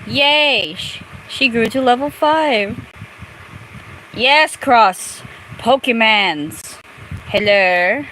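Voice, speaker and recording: A woman's voice: on the high side, extremely slow, long pauses, a bit bright, slight background noise, rough recording. A young woman commenting casually on a game she plays, crude and chatty, talking back at the game. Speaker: gameplay streamer.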